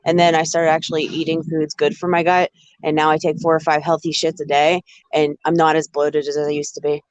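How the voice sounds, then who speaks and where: A woman's voice: sits low, little pitch movement, a little fast, no room sound, highs cut off. Blunt, crude young woman who has lost her voice. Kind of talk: casual chat.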